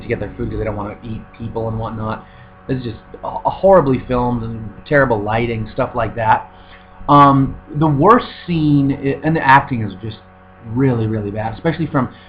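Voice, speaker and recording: A man with an ordinary mid-range voice reviews a film in a loose, rambling way, sarcastic and full of swearing and fillers. The recording sounds slightly muffled. A faint hum runs underneath. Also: mid-range voice. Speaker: movie reviewer. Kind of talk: casual film review rant.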